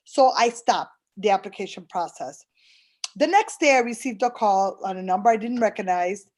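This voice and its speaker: A woman's voice: mid-range voice, animated, moderate pace, a little mellow. A woman, an early intervention interpreter, giving a personal testimonial and telling her story earnestly while acting out past conversations.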